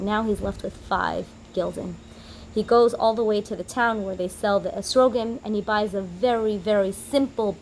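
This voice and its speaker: A woman teacher giving a holiday lesson to children, telling a story in an animated way and acting out the characters' lines. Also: mid-range voice, a little hiss or hum, poor audio.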